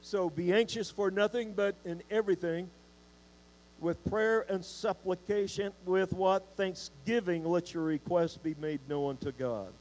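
A male pastor preaches in a church with a mellow, somewhat high voice. He speaks unhurriedly, often repeating words as he restarts, and keeps putting questions to the congregation. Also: fairly even intonation, measured pace, rough recording. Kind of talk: sermon.

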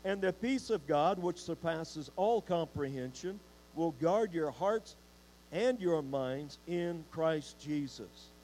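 A male pastor preaches in a church with a mellow, somewhat high voice. He speaks unhurriedly, often repeating words as he restarts, and keeps putting questions to the congregation. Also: expressive, slow pace, a little hiss or hum, rough recording. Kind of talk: sermon.

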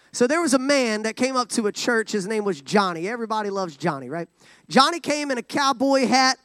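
A man's voice: extremely high pitch, fairly bright tone, no room sound. A man preaching a sermon in a folksy, joking way, calling for responses from the congregation. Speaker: guest preacher.

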